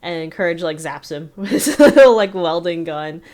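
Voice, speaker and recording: A woman co-host talks through a cartoon plot in easy, meandering casual chat. Her voice sits a little low and sounds smooth and clean. She leans on fillers and keeps circling back. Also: lively intonation, moderate pace, a little mellow. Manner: rambling, filler-heavy retelling with frequent "like". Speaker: podcast co-host.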